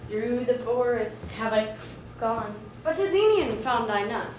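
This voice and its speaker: A woman playing a mischievous sprite servant, speaking in a hushed, playful way on stage. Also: fairly high pitch, expressive, unhurried, far from the mic. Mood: sly. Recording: echoey stage recording with noise.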